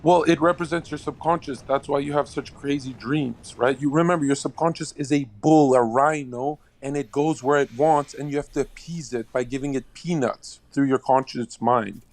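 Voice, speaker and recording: A man's voice: medium pitch, normal speed, few pauses. A man on an online voice call, debating provocatively and laughing at his own jokes.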